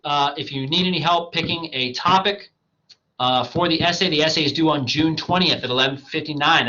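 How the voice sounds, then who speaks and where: A man teaching a recorded online writing lecture, casual with students and tagging "right?" onto his points, his voice going hoarse. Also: fairly high pitch, bright, forceful tone, dull audio. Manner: casual, addresses students as "you guys", fillers "um", "right?". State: losing his voice. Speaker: college writing instructor.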